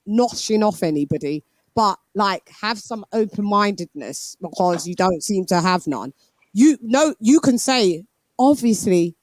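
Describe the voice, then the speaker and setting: A woman's voice: medium pitch, mellow, no echo. Woman host: blunt, cutting, talks over people, dry mic. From Britain. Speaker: host of a boxing live stream. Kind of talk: heated live-stream argument.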